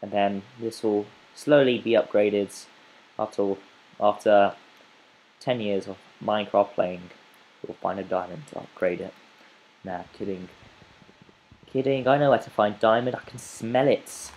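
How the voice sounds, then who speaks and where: A man's voice: lowish voice, measured pace, long pauses, darkish tone, low-quality recording. A man giving playful, rambling let's play commentary as a gaming channel host, chatting to the animals in his game.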